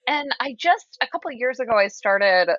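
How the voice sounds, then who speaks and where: A woman's voice: a little high, expressive, a little fast, a bit bright, dry recording, muffled recording. A woman guesting on a podcast, telling stories emphatically and laughing often. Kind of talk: casual chat.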